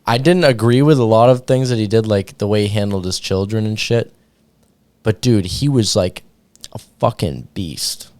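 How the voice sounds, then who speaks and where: A man hosts a podcast in easy, rambling conversation, leaning on 'like' and 'dude' as he talks. His voice sits on the low side. The sound is close and dry, with no room around it. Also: normal speed, a little mellow, no room sound. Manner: loose, filler-heavy, says 'like' and 'dude' a lot. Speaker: podcast host. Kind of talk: casual chat.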